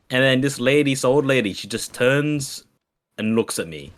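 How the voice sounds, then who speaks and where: A man's voice: medium pitch, moderate pace. Aussie guy on a gaming stream, laughs a lot, acts out people in his stories, mid voice. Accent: Australian. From Australia. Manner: animated storyteller, laughs often, voices quoted people. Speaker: nurse, guest player. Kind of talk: casual gaming chat storytelling.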